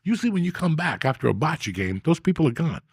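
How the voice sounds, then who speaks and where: A man hosting a podcast, telling a long profane story in a loud, animated street manner. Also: a little high, fast, slightly rough, no room sound, clean studio sound. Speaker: podcast host. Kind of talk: casual storytelling.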